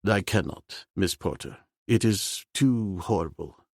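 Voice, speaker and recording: A man playing a tired, courteous English gentleman who speaks in a low, subdued and rueful way. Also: lively intonation, unhurried, no echo, clean studio sound, exaggerated voice. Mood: weary.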